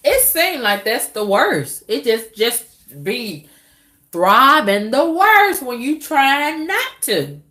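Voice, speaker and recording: A middle-aged woman vlogging in a candid, casual monologue to her viewers, drawling with loud whoops and exclamations. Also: fairly high pitch, big pitch swings, slow.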